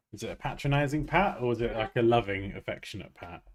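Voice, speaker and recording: A man's voice: medium pitch, lively intonation, normal speed, crowd noise. Wry man designing live, thinking aloud. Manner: wry, teasing, jokey asides. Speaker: designer hosting a livestream.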